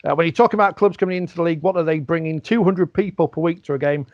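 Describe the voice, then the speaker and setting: A man's voice: fairly high pitch, racing, no echo. A man hosting a rugby league podcast in casual chat, wry and reading quotes aloud. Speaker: podcast host. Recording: dry, dull lo-fi sound.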